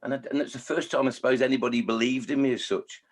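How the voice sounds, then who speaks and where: Husky-voiced chatty storyteller in his sixties. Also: mid-range voice, fairly even intonation, fast. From Scotland, raised in Staffordshire. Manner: chatty, self-mocking, mimics voices. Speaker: children's poet and author. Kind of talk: casual interview storytelling.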